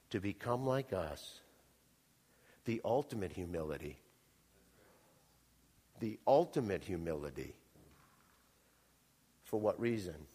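A man's voice: low voice, slightly rough, big-room sound. A man preaching a sermon to a congregation, impassioned and calling out to the room. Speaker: pastor. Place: church hall.

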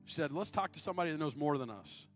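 A man in his thirties delivers a sermon. His voice climbs into loud, high appeals, then drops low and close for personal stories. Faint music plays underneath. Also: expressive, rapid-fire. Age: 30s. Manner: swings from shouted high appeals to low confiding storytelling. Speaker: guest preacher.

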